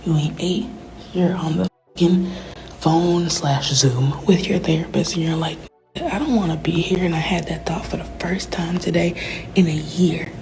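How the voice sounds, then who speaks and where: Husky-edged woman venting, cursing freely. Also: sits low, steady tone, moderate pace, music in the background. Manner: profane, rambling, often drops to a hushed whisper. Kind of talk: candid venting monologue. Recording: noisy background.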